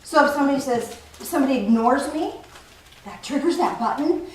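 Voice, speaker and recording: A woman giving a playful, animated spiritual talk to a group, often laughing as she teaches. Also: high voice, fast talker. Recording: echoey room from far off, faint noise.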